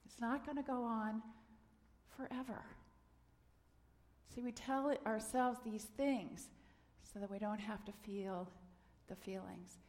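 A middle-aged woman giving a gentle, earnest sermon, sometimes dropping to a soft near-whisper. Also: on the high side, steady tone, slow pace. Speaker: minister. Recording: long hall reverb.

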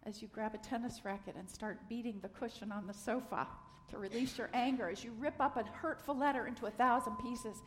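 A middle-aged woman giving a gentle, earnest sermon, sometimes dropping to a soft near-whisper. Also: a little high, steady tone, a little fast, few pauses, a little hiss or hum. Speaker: minister. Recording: long hall reverb.

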